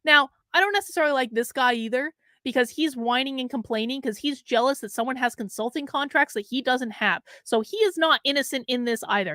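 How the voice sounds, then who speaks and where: Woman host, higher voice, sarcastic and scornful, reads news with rambling asides, dry close sound. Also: pushed and bright, dry recording. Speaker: political commentary host. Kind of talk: reading news aloud with sarcastic commentary.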